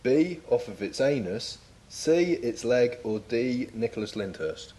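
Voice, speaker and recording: A man's voice: medium pitch, sing-song, a little slow, mellow, breathy edge. A man co-hosting a comedy podcast, reading out quiz questions in a dry, teasing way. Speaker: podcast co-host, quizmaster. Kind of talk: casual comedic podcast chat.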